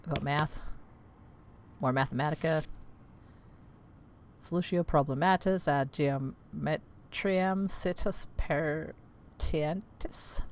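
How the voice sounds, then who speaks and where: A woman's voice: deep voice, a little hiss or hum. A woman streaming a video game, reading its text aloud with playful, wry asides in casual commentary. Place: home streaming setup. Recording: game music playing behind the voice.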